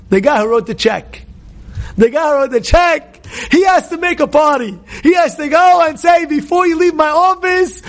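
A man giving an impassioned religious talk about charity, repeating words and raising his voice to shouts for emphasis. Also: very high voice. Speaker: rabbi giving a lecture.

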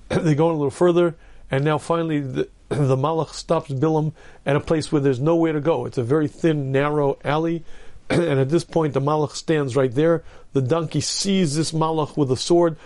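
A man giving a storytelling sermon as a rabbi, narrating vividly and clearing his throat often. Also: a little high, fairly even intonation, moderate pace, darkish tone.

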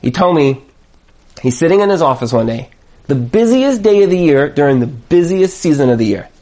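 A man teaching a lively Torah class, repeating his points for emphasis and sprinkling in Hebrew and Yiddish words. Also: fairly high pitch, brisk. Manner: lively, acts out quoted voices, emphatic repetition. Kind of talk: animated Torah class lecture.

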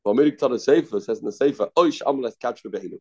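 A man with a medium-pitched, slightly rough, somewhat mellow voice speaks rapid-fire while teaching a Talmud lesson. He repeats phrases and thinks aloud as he works through the text, mixing Aramaic terms into his English.

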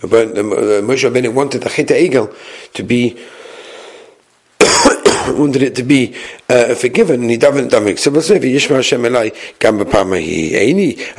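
A man's voice: mid-range voice, moderate pace. A man teaching a Talmud lesson, reading the source text and then explaining it, often restarting and hesitating. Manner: reads Hebrew and Aramaic text, then explains it in English.

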